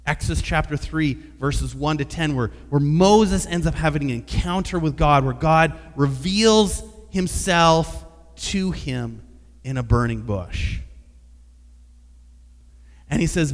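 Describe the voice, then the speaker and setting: Man preaching with an animated storytelling manner, fairly high voice, long hall reverb. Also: slow. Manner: animated storytelling, acting out dialogue. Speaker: pastor. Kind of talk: sermon.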